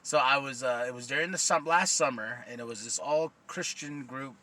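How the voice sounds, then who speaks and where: A man's voice: medium pitch, moderate pace, bright, forceful tone, a little hiss or hum. A man hosting a casual podcast chat, swearing freely and laughing often as he tells stories. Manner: profane, laughs often while telling stories. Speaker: podcast host.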